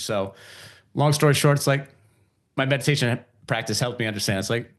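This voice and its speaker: Middle-aged male podcast host, easygoing, quick to laugh, slips into quoted voices. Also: mid-range voice. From Italian heritage. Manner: relaxed, laughs often, acts out quoted voices. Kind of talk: casual spiritual conversation.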